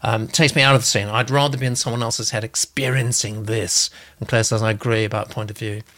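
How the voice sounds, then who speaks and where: A man's voice: on the low side, fairly even intonation, fairly quick, fairly bright tone. A man hosting a show casually, reading out comments with chatty, hesitant asides. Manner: chatty, hesitant, many ums. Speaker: host.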